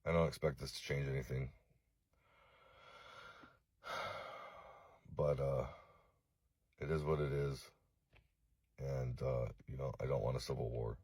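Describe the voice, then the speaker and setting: Very deep husky man, remorseful. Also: level tone, a little mellow, dry recording. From East Los Angeles. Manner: halting, profane, remorseful, many fillers. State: distraught. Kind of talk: emotional apology video.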